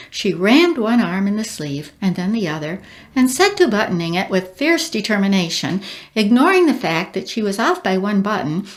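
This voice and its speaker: A woman reading a storybook aloud as narrator, measured and expressive. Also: medium pitch.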